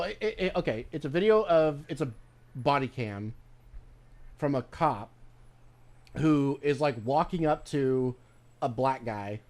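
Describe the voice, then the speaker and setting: A man's voice: a little high, darkish tone. A man streaming a game, talking casually in a rambling, profane way, often restarting his sentences. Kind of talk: casual commentary while playing a game.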